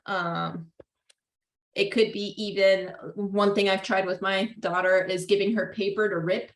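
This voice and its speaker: A woman's voice: medium pitch, level tone, normal speed. A young adult woman giving a casual psychology lecture in a classroom, chatty, full of "like" and "right?", acting out what parents say. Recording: roomy echo.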